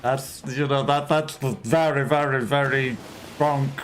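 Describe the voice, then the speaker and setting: A man's voice: medium pitch, fairly even intonation, a little slow, a little hiss or hum. A man casually chatting on a game livestream, rambling and chuckling often between remarks. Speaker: game streamer.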